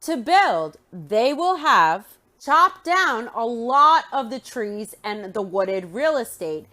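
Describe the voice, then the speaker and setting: A woman's voice: a little high, big pitch swings, slow, sharp tone. A woman recapping a reality show, opinionated and sarcastic in her commentary.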